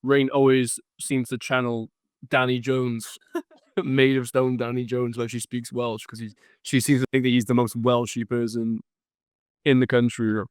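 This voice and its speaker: A man's voice: medium pitch, little pitch movement, measured pace, smooth, dry recording. A man talking as a podcast guest, with short, dry, teasing remarks. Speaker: podcast guest, pro wrestler. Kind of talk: casual chat.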